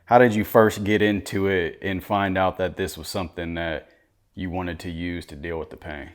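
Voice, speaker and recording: A man interviewing a guest, asking gentle probing questions and offering brief acknowledgments. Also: sits low, fairly even intonation, moderate pace. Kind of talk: conversational interview.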